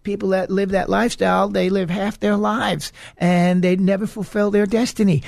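A man's voice: sits high, moderate pace, gravelly, hardly any pauses, a little mellow, dry recording. A man hosting a preaching program, delivering an earnest, emphatic warning message. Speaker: radio preacher and host. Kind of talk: preaching monologue.

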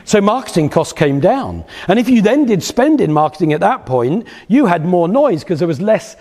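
In a lecture hall at a live event, a male business speaker delivers a motivational talk, telling anecdotes and repeating phrases for rhythm. His voice is high-pitched, sing-song and slightly mellow at normal speed, with long hall reverb.

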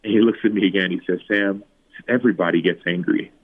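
A low-pitched man in his thirties tells his story as an interview guest, sounding thin and phone-like. He acts out the quoted lines in a lively, higher voice. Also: quick pace. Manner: animated retelling, acting out quotes in a higher voice. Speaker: guest, former football player. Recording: tinny phone-like remote line.

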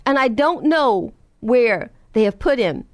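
A woman preacher voicing a grieving young woman at a tomb, pleading and tearful, pitched a bit above her own voice. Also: big pitch swings, unhurried, dry recording, clean studio sound.

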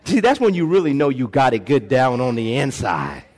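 A man pastor preaching a lively sermon in a church, acting out voices and calling for responses from the congregation. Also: medium pitch, moderate pace. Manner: animated preaching, acts out voices, call-and-response.

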